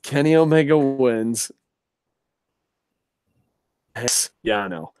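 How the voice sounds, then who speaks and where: A young adult man hosting a casual chat show, ranting in an animated, profane way. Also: fairly high pitch, normal speed, dry recording. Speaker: podcast host.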